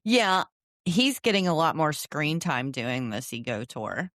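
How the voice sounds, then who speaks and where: A woman's voice: low voice, very animated, a little slow, a bit bright, no echo, clean studio sound. A woman co-hosting a podcast, chatting bluntly and frankly about a reality show. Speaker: podcast co-host. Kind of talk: casual recap chat.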